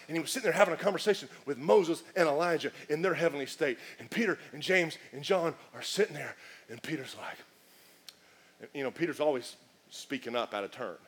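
Male pastor, lively swooping pitch, bright voice, preaching with acted asides. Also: husky. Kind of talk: sermon.

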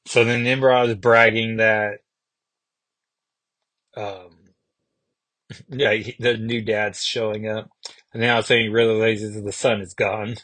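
A man's voice: lowish voice, level tone, slow, long pauses, a bit bright, dry recording. A man hosting a comic book podcast, recapping an issue in a casual, musing way and thinking aloud with small restarts.

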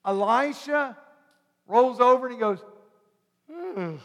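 A male pastor preaching a sermon, telling a story animatedly and acting out the characters before building to loud preaching. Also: sits high, unhurried. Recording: long hall reverb.

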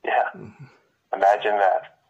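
A man's voice: on the low side, flat delivery, slow. A man on a phone call, hostile and mocking, who cuts in again and again. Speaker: prank call target. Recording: tinny phone line.

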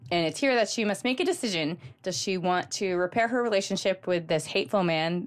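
A woman co-hosting a podcast, talking about books in a gushing, animated way with lots of ums. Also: on the low side. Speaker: podcast co-host. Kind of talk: casual book chat.

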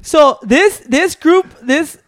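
A man's voice: very high voice, animated, slow, a bit bright. A man in casual chat, swearing and switching between English and Spanish. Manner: profane, mixes Spanish and English. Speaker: youth soccer parent.

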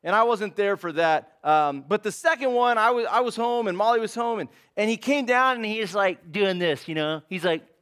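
Pastor, male, high-pitched, easygoing sermon full of "man" and "dude". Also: normal speed, few pauses, a bit bright. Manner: casual and conversational, says man and dude.

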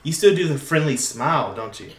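A man's voice: a little high, lively intonation, brisk. A man co-hosting a casual chat who gives wry, playful advice. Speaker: podcast co-host. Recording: echoey room.

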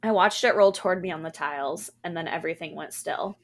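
A woman podcast co-host reading a horror story aloud in a hushed, steady manner. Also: on the low side, a little fast.

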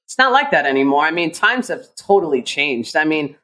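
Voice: medium pitch, very animated, a little fast, bright, forceful tone, rough recording. A podcast co-host with a mid-range voice rants about how things have changed, firmly opinionated. The delivery stays conversational and casual throughout. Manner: opinionated, ranting commentary.

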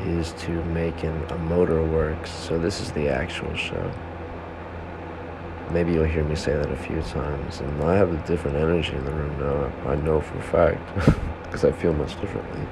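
A man hosting a solo podcast at home, rambling to himself in a self-interrupting monologue, heckling himself as he goes. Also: very deep voice. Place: home room with a fan. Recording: background fan hum.

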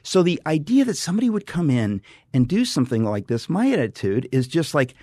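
A man's voice: on the high side, very animated, fast talker, a little mellow, no room sound. A middle-aged man speaking as a guest in a radio studio, fervent and emphatic, often repeating and restarting phrases. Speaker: guest author and radio host. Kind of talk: impassioned studio conversation.

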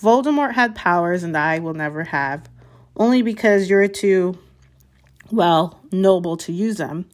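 Gentle old wizard, read by a woman. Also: lowish voice, lightly acted. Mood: calm. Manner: gentle, unhurried. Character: calm gentle old male wizard headmaster.

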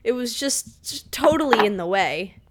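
Young woman, deadpan, casual podcast chat, faint background noise. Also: fairly high pitch, normal speed. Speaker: podcast co-host.

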